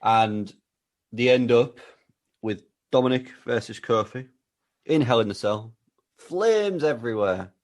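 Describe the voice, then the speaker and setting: A man co-hosting a podcast, building an absurd story with a deadpan, playful delivery. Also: medium pitch, unhurried, pauses often. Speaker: podcast co-host. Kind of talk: comedic storytelling chat.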